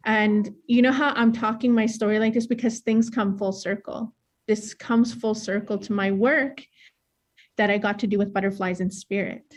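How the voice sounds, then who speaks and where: A woman's voice: mid-range voice, steady tone, moderate pace. A woman from northern Saskatchewan with a northern Saskatchewan accent, a dancer and choreographer telling her own life story in a candid, plain-spoken way that laughs easily. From northern Saskatchewan, Canada. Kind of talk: personal storytelling talk.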